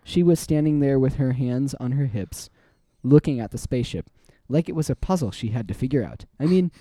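A man's voice: mid-range voice, a little fast, warm tone, no echo. A man co-hosting a podcast, reading a book aloud in a casual way and stopping now and then to comment. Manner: reads a book aloud, often laughing and breaking off to comment. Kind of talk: casual read-aloud with chat.

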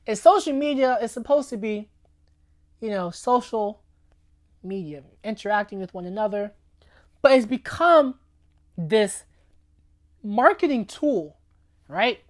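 In an animated, slightly high voice, a woman delivers a relaxed talk on faith without hurrying, leaving long pauses. "Right?" and "you know what I'm saying?" come up again and again as she talks.

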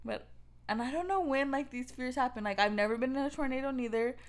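A woman chatting on a casual podcast, her voice sitting a bit high. She tells stories with emphatic, animated delivery, full of "like" and "y'all". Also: fast talker. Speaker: co-host.

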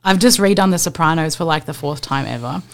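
An Australian woman, a stand-up comedian, talking casually on a podcast, full of fillers and quick laughs. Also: low-pitched, expressive.

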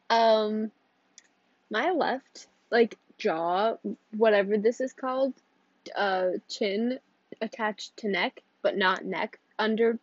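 A teenage girl hosts her own podcast, talking on her own in a casual, rambling way, giggling and cutting herself off as she goes. Her voice sits in the mid range, with no room sound and the high frequencies cut off.

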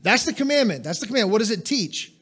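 Emphatic high-voiced male pastor. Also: big pitch swings, fast talker, a bit bright, slightly rough. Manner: emphatic, asks the congregation questions. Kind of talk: sermon.

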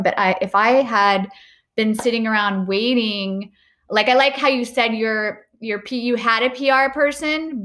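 A woman hosts a casual podcast interview at a mid-range pitch. She talks chattily and rambles before she gets to her questions. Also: fairly bright tone. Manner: chatty, many fillers and restarts. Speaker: podcast host.

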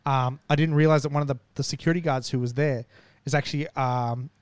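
A man's voice: mid-range voice, quick pace, smooth, no echo. A man casually telling a long, profane story and acting out what people said. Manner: animated, profane, acts out quotes.

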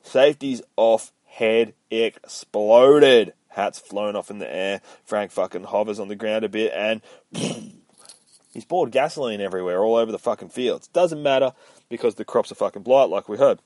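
A man's voice: lowish voice, moderate pace, darkish tone, no room sound. A man hosting a podcast, recapping a comic book in a profane, rambling, self-mocking way. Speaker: podcast host.

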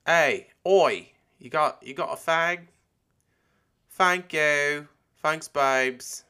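A man's voice: on the high side, extremely slow, pushed and bright, clean tone, pitched above the performer's own voice, exaggerated voice. A man putting on a cheeky British party girl. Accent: put-on British. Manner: breezy, cheeky slang. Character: cool young British woman at a bar.

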